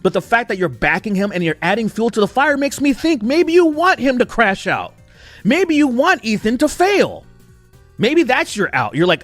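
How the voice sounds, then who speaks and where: A young man delivers a heated commentary rant, swearing hard and hammering his points. His fairly high voice swings widely up and down. The sound is dry, with faint music underneath. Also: big pitch swings, normal speed, a bit bright, dry recording. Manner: profane, heated, emphatic. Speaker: commentary YouTuber.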